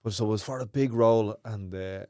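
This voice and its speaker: A man's voice: lowish voice, brisk, dry recording. Man, podcast host, loose casual talk, dry room. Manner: relaxed, swears casually. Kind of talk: casual chat.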